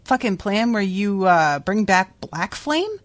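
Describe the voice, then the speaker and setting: A woman's voice: mid-range voice, big pitch swings, slow pace, no room sound. A woman voicing an irritated male emperor who talks bluntly and casually.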